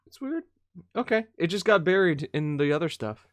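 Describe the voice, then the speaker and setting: A man co-hosting a podcast in a playful, joking way. His pitch moves lively up and down, and the recording is dry and close to the mic. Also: moderate pace, no echo. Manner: joking, playful, does voices. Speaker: podcast co-host. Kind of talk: casual chat on a live stream.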